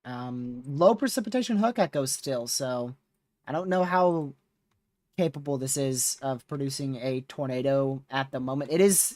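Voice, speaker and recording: A man's voice: mid-range voice, darkish tone, dry recording. A man hosting a live severe-weather stream, talking casually with viewers while reading radar, his voice starting to wear out. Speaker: livestream host.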